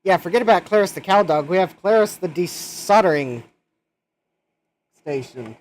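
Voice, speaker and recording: A man's voice: high voice, lively intonation, normal speed. A man hosting a casual livestream from his workshop, chatting, joking and reading out messages from viewers. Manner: chatty, jokey, reads chat messages aloud. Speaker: livestream host.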